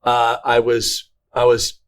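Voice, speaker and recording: A man's voice: medium pitch, completely flat delivery, clear, resonant tone. Middle-aged guy on a church podcast, earnest, keeps restarting his sentences. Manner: earnest, halting, many restarts. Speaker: podcast co-host. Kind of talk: casual faith conversation.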